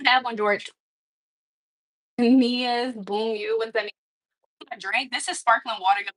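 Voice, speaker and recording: A woman's voice: a little high, fairly even intonation, measured pace, fairly bright tone, no room sound, low-quality recording. A woman hosting a casual livestream from her home kitchen, chatting to viewers while she tidies up, laughing often. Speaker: livestream host.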